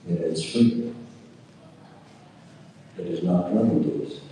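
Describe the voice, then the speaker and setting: Slow, deep-voiced man in an echoey hall. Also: mellow, recorded from a distance, slight background noise. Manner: halting, with many "uh" fillers and repetitions. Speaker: storyteller recounting a personal experience. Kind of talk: slow reflective storytelling.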